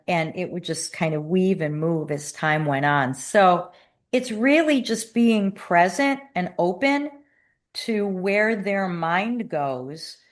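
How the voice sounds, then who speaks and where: A woman guest and author speaking in a measured, thoughtful way in an interview. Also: lowish voice. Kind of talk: reflective interview talk.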